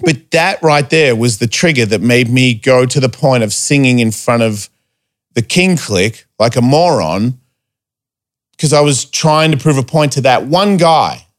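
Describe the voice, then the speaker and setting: Animated, foul-mouthed man telling stories. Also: medium pitch, a little slow. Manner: animated storyteller, heavy swearing, acts out quotes in a raised voice. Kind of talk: casual podcast chat.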